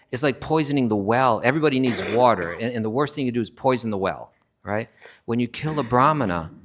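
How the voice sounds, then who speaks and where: A man's voice: on the low side, fairly bright tone. A man telling a scripture story to a class in a conversational way, often checking in with "right?" and restarting phrases as he builds his point. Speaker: spiritual teacher.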